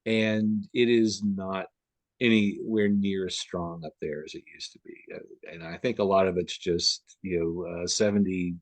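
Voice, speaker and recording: Man, from the Upper Midwest, guest, casual chat, video call, fairly low voice, dry sound. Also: steady tone, a little slow, no echo. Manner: rambling, many fillers and restarts.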